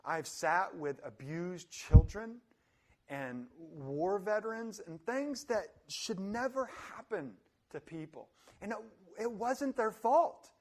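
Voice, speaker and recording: A man giving a motivational talk in an animated way, laughing often and acting out little voices. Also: high-pitched, takes it slowly. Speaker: motivational speaker.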